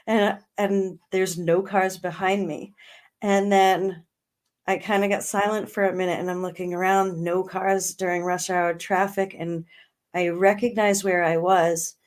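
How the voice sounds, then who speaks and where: A middle-aged woman, a guest in an interview, telling a personal story in earnest, slowing down on emotional words and laughing now and then. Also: medium pitch, level tone. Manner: earnest, slows right down on emotional words, laughs between lines.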